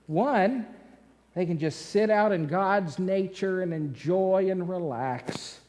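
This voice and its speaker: Brief: male pastor, unhurried storytelling sermon, asks the congregation questions. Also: sits high. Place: church sanctuary. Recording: long church-hall reverb.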